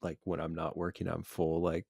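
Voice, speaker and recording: A man's voice: sits low, monotone, normal speed, gravelly, a little mellow, husky, dry recording, studio quality. A man talking as a psychiatrist guest in a casual podcast chat, loose and full of "like" fillers. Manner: loose, filler-heavy, lots of "like". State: busy parent.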